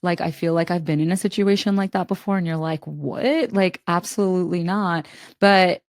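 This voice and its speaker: A woman's voice: on the low side, fairly even intonation, fairly quick, dry recording, studio quality. A young woman co-hosting a podcast, casually and expressively retelling a film plot with plenty of filler words. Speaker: podcast co-host. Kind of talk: casual chat.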